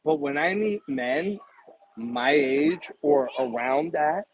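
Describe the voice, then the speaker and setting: Slow-talking emphatic man in his fifties. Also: big pitch swings, gravelly, husky, dry recording, highs cut off. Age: 50s. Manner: emphatic, salesy pitching. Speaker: guest. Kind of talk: casual interview talk.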